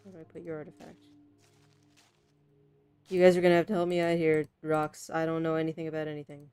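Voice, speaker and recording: Mellow-voiced woman streamer chatting. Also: low voice, completely flat delivery, brisk, long pauses, smooth, no echo, soft background music. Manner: chatty, laughs often, talks to herself. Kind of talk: casual game commentary.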